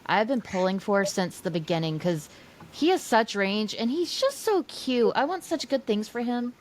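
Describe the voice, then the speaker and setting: A woman's voice: medium pitch, expressive, normal speed, a little mellow. A woman hosting a podcast, chatting eagerly and talkatively as a fan. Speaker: podcast host. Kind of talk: casual chat.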